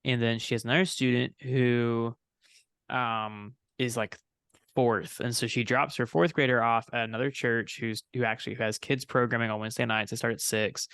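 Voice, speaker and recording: A young adult man talks on a casual podcast, circling through an anecdote and stopping to correct his own details. His voice is smooth and clear at a middling pitch. It is recorded close and dry, with no room sound. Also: fairly even intonation, moderate pace, fairly bright tone, no room sound. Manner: rambling storyteller, frequent self-corrections. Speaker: podcast co-host and student minister.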